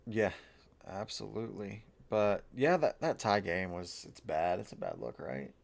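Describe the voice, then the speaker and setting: Gravelly guy cohosting a sports podcast over beers, loose, swears a lot, laughs easy. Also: fairly low pitch, lively intonation, a little slow. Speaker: podcast co-host. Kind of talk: casual sports chat over drinks.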